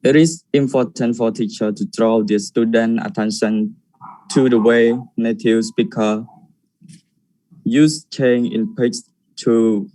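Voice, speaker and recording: A man's voice: mid-range voice, fairly even intonation, slow, warm tone, no echo, rough recording. A man giving a student presentation on intonation, hesitant and searching for words. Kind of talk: class presentation.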